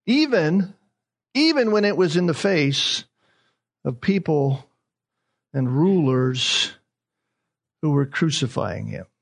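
Pastor, male, high voice, emphatic sermon delivery with repeated phrases and rhetorical questions. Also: sing-song, slow pace, creaky, long pauses.

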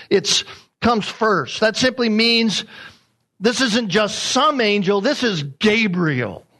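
A man's voice: a little high, fairly bright tone. A man preaching a sermon as a pastor, emphatic and repeating his key points.

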